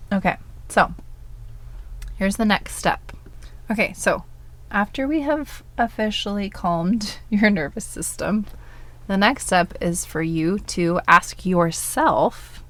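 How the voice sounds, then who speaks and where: A woman hosting a coaching podcast, talking casually with many "like"s and walking through calming self-talk. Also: lowish voice. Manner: casual, says "like" often, self-soothing affirmations. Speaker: podcast host and life coach.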